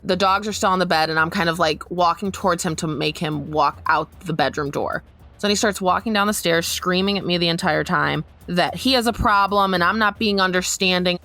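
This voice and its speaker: Young woman, lower voice, earnest podcast testimony, faint music bed. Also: pushed and bright. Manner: earnest, measured recounting that turns urgent. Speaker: interviewee recounting her experience.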